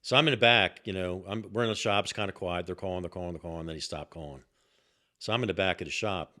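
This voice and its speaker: An older man telling a story on a podcast in an animated, profane way and repeating himself as he goes. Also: sits low, fast talker. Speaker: guest, host's father.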